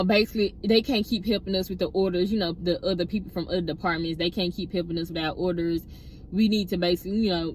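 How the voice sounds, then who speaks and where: A woman's voice: on the low side, slight background noise. Chatty young woman telling a story. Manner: chatty, keeps addressing listeners as y'all; animated retelling with acted-out quotes. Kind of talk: casual storytime.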